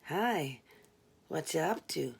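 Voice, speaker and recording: Woman voicing a male phone caller, crude, eager, hushed and drawling, gravelly. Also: sits low, lively intonation, pitched below the performer's own voice, heavily acted. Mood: sly. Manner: whispering, drawn-out and slow.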